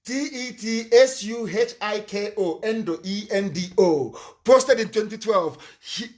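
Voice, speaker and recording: A man's voice: sits high, unhurried, a little mellow. A man giving a fiery live broadcast lecture, scornful and emphatic, often spelling words out letter by letter. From Nigeria. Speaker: political movement leader.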